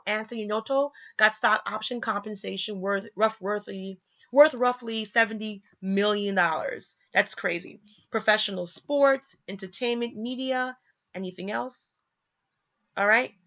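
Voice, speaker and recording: A woman vlogger talking casually about money and careers, emphatic and now and then sarcastic, swooping up in pitch to stress a point. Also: fairly bright tone, lo-fi sound. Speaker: vlogger teaching personal finance. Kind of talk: casual talk reading from websites.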